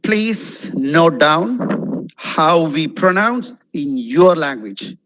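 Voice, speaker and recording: A man teaching spoken English over a video call, his voice sitting a little high for a man. He drags out words and swings his pitch up and down on purpose to show how intonation works. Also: poor audio. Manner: animated, drawn-out demonstrative intonation. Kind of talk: webinar lecture. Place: online webinar.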